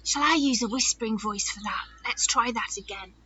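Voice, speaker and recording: A woman teacher reading a picture book aloud to children, expressive and asking them questions as she goes. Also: on the high side, moderate pace, husky, dull audio. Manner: expressive, warm-toned questioning of young listeners.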